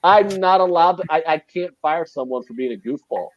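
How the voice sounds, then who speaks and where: A man's voice: on the high side, a little fast, highs cut off, a loud crowd. A man hosting a sports betting live stream, telling stories in casual, profane banter. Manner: profane, animated storytelling. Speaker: sports betting show host.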